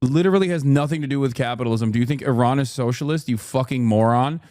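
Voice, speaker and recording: A man's voice: medium pitch, fast talker, mellow, no echo, clean studio sound. A man hosting a live stream, reacting to a clip with heated, profane, mocking rants. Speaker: streamer host.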